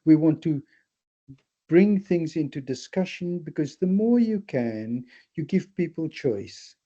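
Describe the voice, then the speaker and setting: An older man from South Africa, a therapist, talking things through in a thoughtful, animated way with many restarts. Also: on the high side, takes it slowly. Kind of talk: reflective discussion. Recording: slightly dull lo-fi audio.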